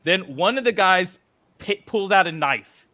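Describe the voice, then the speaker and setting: A man's voice: high voice, lively intonation, unhurried, no echo, muffled recording. A man in a heated live podcast debate, insistent and profane, pressing hypotheticals to make his point. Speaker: open podcast participant.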